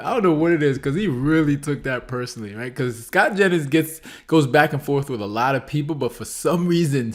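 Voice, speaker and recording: A man hosting a commentary channel, talking casually about a clip, rambling with many restarts and asking "right?" again and again. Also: mid-range voice.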